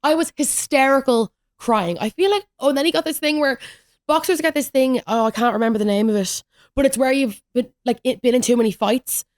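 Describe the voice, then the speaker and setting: A woman's voice: high voice, brisk, no room sound, clean studio sound. A young woman, hosting a podcast and rambling through stories in chatty, casual talk. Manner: chatty, rambling storytelling with lots of "like". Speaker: podcast host. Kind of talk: solo podcast rant, casual chat.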